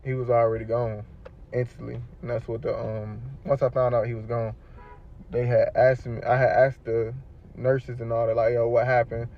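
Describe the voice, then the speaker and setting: A man's voice: medium pitch, level tone, moderate pace, gravelly, slight background noise. A man telling the story of his shooting in a rambling, slangy way, his voice rising when he repeats what he told the medics. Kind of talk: casual storytelling. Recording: dull lo-fi video clip.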